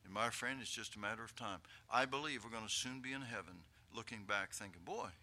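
An older man preaching a sermon, swelling to loud, fervent peaks and tossing chuckling asides to his congregation. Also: fairly low pitch, brisk.

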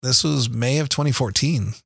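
A man's voice: mid-range voice, moderate pace, vocal fry, a bit bright, husky, no echo, clean studio sound. A middle-aged man telling family stories on a casual podcast, rambling with frequent restarts and easy laughs. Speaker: podcast co-host, father. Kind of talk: casual storytelling chat.

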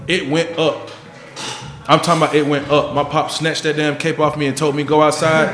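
Male co-host, casual storyteller who acts out characters, slightly high-pitched, roomy sound. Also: a little fast, soft background music. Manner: animated, swears freely, acts out other people in stories.

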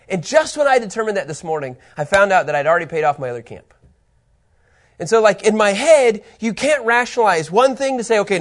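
Animated high-voiced man teaching scripture. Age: middle-aged. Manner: animated, laughing, rambling with fillers. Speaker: Bible teacher. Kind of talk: casual Bible teaching.

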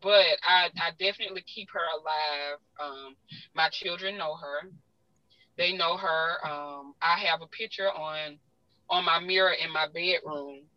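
Speaking at a measured pace in a fairly low, steady voice, a Southern US woman opens up as a guest with emotional personal stories. She describes herself as a talker; the audio is dry and lo-fi.

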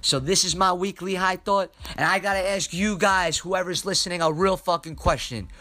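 A man's voice: high-pitched, moderate pace, pushed and bright. A young man hosting a podcast, telling a story in a rambling, profane, emphatic way. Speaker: podcast host. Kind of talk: casual storytelling monologue.

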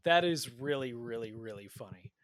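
A man's voice: mid-range voice, lively intonation, normal speed, fairly bright tone, a little hiss or hum. A man hosting a podcast, talking in an easygoing, wry way. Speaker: podcast host. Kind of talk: casual chat.

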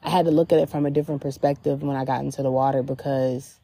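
This podcast host has a bass-deep, creaky, mellow voice with fairly even intonation, and she talks fast; the recording itself is dry. Seated outdoors on a beach, she muses casually and openly about spiritual matters, her speech thick with "like."

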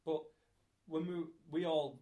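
A man's voice: on the high side, fairly even intonation, slow pace, dark tone. A man telling crude, laughing anecdotes in a casual chat.

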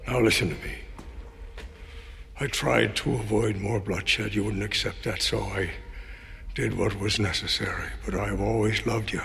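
A gravelly old crime boss. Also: male voice, fairly low pitch, steady tone, a bit bright, a little hiss or hum. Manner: slow, solemn pleading. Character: aging male crime boss, weary and grave. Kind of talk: film drama dialogue. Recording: film audio with long reverb.

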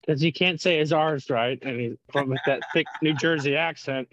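A man co-hosting a casual podcast chat, excitable and joking, jumping in often with wrestling talk. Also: a little high, normal speed, no echo, muffled recording. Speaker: podcast co-host.

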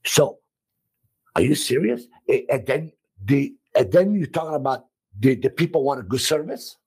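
Emphatic husky restaurant owner, man. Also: medium pitch, moderate pace. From Italy. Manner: emphatic, repetitive, loud and expressive. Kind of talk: animated interview talk.

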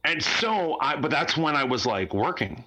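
A man's voice: a little high, big pitch swings, normal speed, bright, forceful tone. A man hosting a podcast, chatting casually, rambling and laughing often at his own jokes. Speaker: podcast host.

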